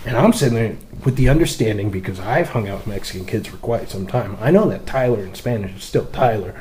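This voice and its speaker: A young man co-hosting a podcast, telling a profane, animated story in casual chat. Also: lowish voice, fast talker. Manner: animated, profane, acts out quotes. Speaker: podcast co-host.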